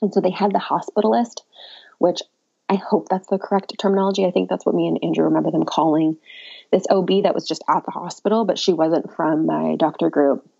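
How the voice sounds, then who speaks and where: A woman shares a birth story as a podcast guest. Her voice is low, mellow and gravelly, and she talks in a candid, chatty way with a wry, self-mocking edge. The audio is dull and lo-fi. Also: fairly even intonation, a little fast. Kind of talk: casual birth story telling.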